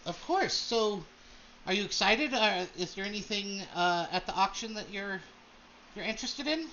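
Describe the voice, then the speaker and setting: A man's voice: sits high, lively intonation, normal speed, sharp tone, highs cut off, slight background noise, full character voice. A man voicing a polite, apologetic young nobleman. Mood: courteous. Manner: courteous, apologetic.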